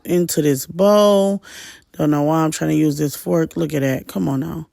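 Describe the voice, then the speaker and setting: A woman gives a relaxed cook-along narration in a deeply gravelly voice full of vocal fry. She chats with her viewers in an easy, informal way, with the odd curse word, and the recording is dry and close with no room sound. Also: no room sound. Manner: chatty, talks straight to viewers, loose and informal with mild cursing. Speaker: home cook vlogger.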